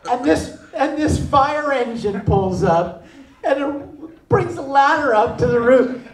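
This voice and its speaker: A man as a convention panel guest, telling stories in an animated way: he laughs often and acts out the other voices. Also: extremely high pitch, slow pace. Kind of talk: animated storytelling. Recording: echoey room from far off.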